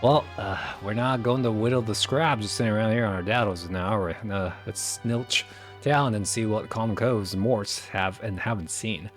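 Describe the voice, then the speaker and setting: A man's voice: fairly low pitch, moderate pace, faint music behind, close to an everyday voice. A man doing a cocky pirate rogue boss. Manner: thick thieves' slang, drawling. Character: gruff male pirate guild leader, cocky.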